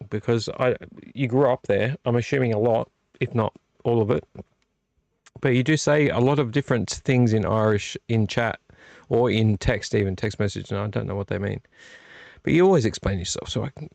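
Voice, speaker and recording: A man's voice: medium pitch, creaky, no room sound. A man hosting a late-night live stream, tipsy from drinks and rambling off on tangents while chatting to viewers. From Australia. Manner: rambling, digressive, talking to chat. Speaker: vlog host.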